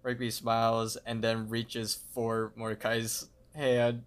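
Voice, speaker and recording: A man's voice: medium pitch, monotone, slow pace. A man co-hosting a podcast, recapping a cartoon episode in a laid-back way. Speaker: podcast co-host.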